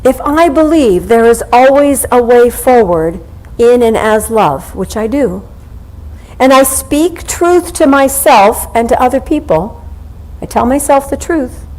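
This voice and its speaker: A woman minister giving a sermon in a conversational, anecdotal way, slowing down with deliberate pauses. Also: fairly high pitch, expressive, a little mellow, low-quality recording.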